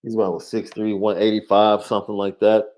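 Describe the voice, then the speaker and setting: A man co-hosting a casual sports talk show, measured, repeating his points for emphasis. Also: fairly low pitch, little pitch movement, darkish tone. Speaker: podcast co-host, recruiting analyst.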